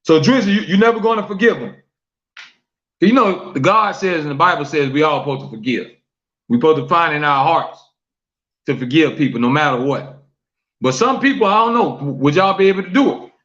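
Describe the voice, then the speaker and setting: A man's voice: on the high side, expressive, fairly quick, a bit bright, muffled recording. A man hosting a live-streamed talk show, repeating questions to his viewers, reading their comments aloud and preaching about forgiveness.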